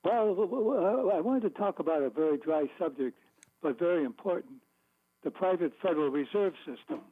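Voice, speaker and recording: A man's voice: fairly high pitch, animated, brisk, breathy edge. A man calling in to a radio show, speaking hesitantly with some stammering. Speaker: caller. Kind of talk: call-in phone chat. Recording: tinny phone line.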